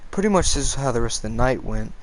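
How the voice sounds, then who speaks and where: A man's voice: medium pitch, animated, fast, rough recording. Man casually telling a scary story. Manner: casual, swears with softened words, goes off on tangents. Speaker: storyteller reading scary stories.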